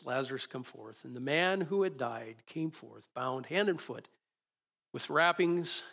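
A man's voice: mid-range voice, vocal fry, bright, forceful tone. A man preaching a sermon in a conversational, musing way, often restarting his sentences.

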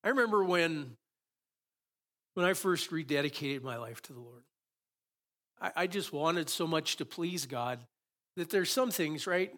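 A man's voice: on the high side, expressive, unhurried, long pauses, fairly bright tone. A man preaching a sermon as pastor in a church sanctuary, full of rhetorical questions and rising passion.

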